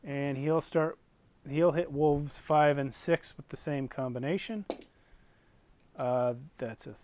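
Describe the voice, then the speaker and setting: A man running a tabletop game as its game master, with a voice sitting a little high for a man. He narrates the combat vividly and with energy, but never rushes his words. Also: darkish tone.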